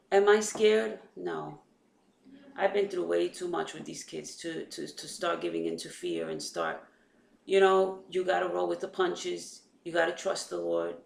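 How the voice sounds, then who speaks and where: A woman's voice: fairly low pitch, animated, a little slow, vocal fry, a little hiss or hum. A woman, chatting casually to viewers about her sons and her faith, retelling conversations as she goes. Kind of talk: casual chat to camera. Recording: echoey room.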